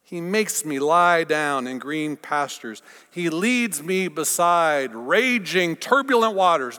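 A pastor preaching a sermon, swinging from forceful lines down to hushed whispers. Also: male voice, a little high, animated, slow pace, hardly any pauses, clean tone. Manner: dramatic swings from loud to whispered. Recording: long reverb of a large hall.

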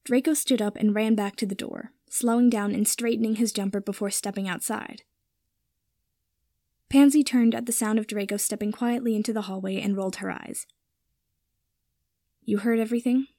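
A woman narrating a story in a measured, even reading style. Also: medium pitch, dry recording, clean studio sound.

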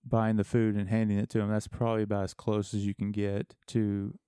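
A man's voice: on the low side, completely flat delivery, brisk, mellow, smooth, no room sound, studio quality. A man in casual talk-show chat, speaking hesitantly as he thinks aloud.

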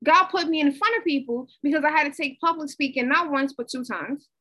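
A woman giving a conversational, animated inspirational talk, repeating herself for emphasis. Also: high-pitched, brisk, hardly any pauses, low-quality recording. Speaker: motivational speaker.

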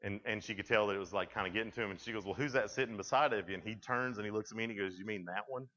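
A young man speaking to junior high students, telling stories in a conversational way with frequent restarts. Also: steady tone, very fast, sharp tone, long reverb tail. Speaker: youth speaker. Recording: dull lo-fi sound.

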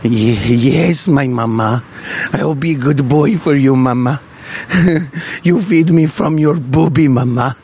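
A man's voice: medium pitch, unhurried, a little mellow, husky, voice pushed down. Man doing a creepy German little boy. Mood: pleading. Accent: put-on German.

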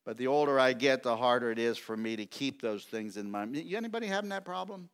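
A middle-aged man preaching a sermon, emphatic and repetitive, stretching key words slowly. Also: mid-range voice, lively intonation, clean tone. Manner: emphatic, repetitive preaching with slow drawn-out stresses. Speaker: pastor.

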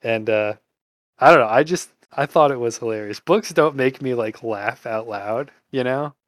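A man co-hosting a casual book discussion podcast, excitable and amused, swearing casually. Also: medium pitch, moderate pace, no room sound, clean studio sound. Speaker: podcast co-host.

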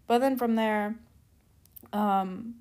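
A woman's voice: on the high side, fairly even intonation, drawn-out words, darkish tone. Chatty young woman telling a story. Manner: chatty, lots of "like" and "keep in mind" asides; rambling, loses her train of thought and backtracks. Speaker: storytime vlogger. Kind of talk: casual storytelling.

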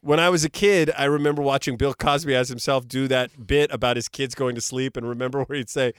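A middle-aged man telling a story in casual chat, animated and laughing often. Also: mid-range voice, a little fast, clear, resonant tone, no echo, clean studio sound.

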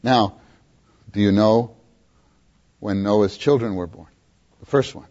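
A man preaching a sermon, often questioning his listeners and repeating words for emphasis, with a husky voice, on a dull lo-fi recording. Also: on the low side, slow, darkish tone. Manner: questions the audience, emphatic repetition.

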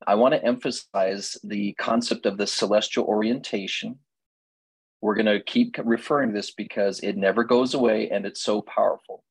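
A man's voice: fairly low pitch, normal speed, breathy edge, dry recording, rough recording. A man teaching a marriage class, telling stories and acting out both sides of talks with his wife. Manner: animated storytelling, acting out dialogue with his wife. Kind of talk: lecture to a class.

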